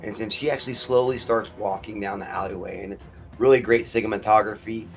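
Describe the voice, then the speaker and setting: A man hosts a casual movie review from a home basement studio. He talks loosely and excitably, with plenty of swearing, in a somewhat low voice, and faint music sits behind him. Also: a little fast.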